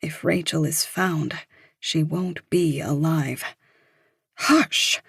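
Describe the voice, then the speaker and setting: Slow, low-voiced woman narrating. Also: fairly even intonation, creaky, husky, no echo, studio quality. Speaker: audiobook narrator. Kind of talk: scripted audiobook narration.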